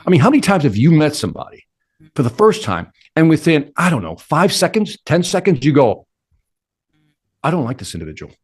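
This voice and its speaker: A man's voice: a little high, sing-song, a little fast, husky. A middle-aged man answering interview questions with energy, acting out quotes and his own inner talk. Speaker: sales speaker and interview guest.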